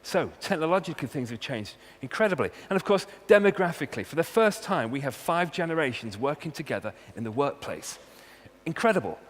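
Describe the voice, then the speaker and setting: A man's voice: medium pitch, very animated, fairly quick, fairly bright tone. A man with a Welsh accent, a university researcher giving a humorous talk and hitting key words with punchy emphasis. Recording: long hall reverb, faint hum.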